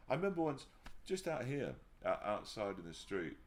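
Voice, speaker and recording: A man talking candidly as an interview guest, often pausing and restarting his sentences before warming into animated storytelling. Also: medium pitch. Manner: halting, restarts sentences, then grows animated telling anecdotes. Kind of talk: casual reflective conversation. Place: livestream conversation.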